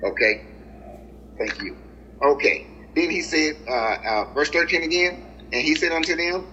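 A preacher delivering a sermon, drawing out scripture verses slowly and calling his listeners family and guys. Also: dull audio, slight background noise. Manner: animated, with swings of pitch and slow drawn-out scripture reading. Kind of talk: sermon, reading and explaining scripture.

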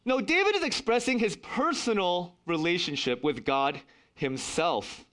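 Lively, high-voiced male preacher. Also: unhurried. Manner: earnest, emphatic preaching with wry asides. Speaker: pastor. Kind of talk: sermon.

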